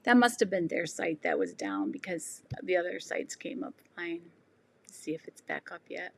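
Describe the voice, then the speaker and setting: Hoarse woman chatting on a sewing livestream. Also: lowish voice, sing-song, normal speed, slight background noise. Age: 60s. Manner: rambling, with many ums and restarts. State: losing her voice. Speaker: sewing channel host. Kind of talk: casual livestream chat reading comments.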